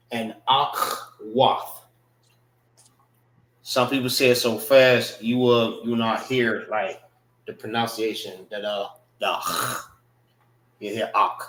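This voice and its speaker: Male class teacher, slow and unhurried, roomy echoey sound. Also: on the low side. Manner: slow, repetitive, checks in with listeners. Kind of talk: casual vocabulary lesson.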